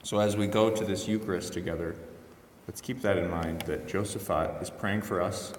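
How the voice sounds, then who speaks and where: A priest gives a relaxed weekday homily in a low voice, chatting more than preaching, with wry asides and quick self-corrections. His words ring out through a roomy church with a long, echoing tail. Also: a little hiss or hum. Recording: echoey church hall, voice from a distance.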